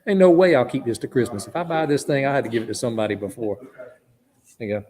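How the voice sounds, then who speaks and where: A man's voice: mid-range voice, fast talker, crowd noise. Man, Georgia Southern accent, radio auction host, folksy, joking, chatty. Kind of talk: live radio charity auction banter.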